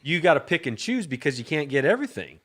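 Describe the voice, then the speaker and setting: A male podcast co-host talks in an easygoing, casual way and drops wry asides into the chat. His voice sits a little higher than most men's. He keeps things moving along between topics. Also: big pitch swings, fast talker, a bit bright.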